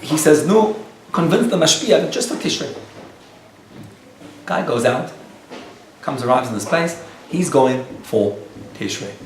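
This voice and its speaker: A man who is a rabbi tells a story to a live audience in a lively way and acts out the dialogue. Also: on the high side, unhurried, pauses often, a little hiss or hum. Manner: animated storyteller acting out quoted dialogue. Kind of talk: storytelling lecture. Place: lecture room with a live audience. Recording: echoey room, picked up from a distance.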